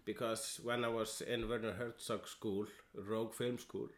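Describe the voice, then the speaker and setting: A man, a comedian co-hosting a podcast, talking in a halting, hesitant way with frequent restarts. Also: fairly low pitch, flat delivery, echoey room. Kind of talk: casual chat.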